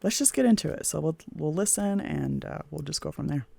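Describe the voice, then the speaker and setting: A woman's voice: low-pitched, expressive, brisk, creaky, dark tone, slightly rough, no echo, clean studio sound. A woman hosting her own podcast, chatting casually in a hesitant, self-deprecating way. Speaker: podcast host. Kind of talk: casual chat.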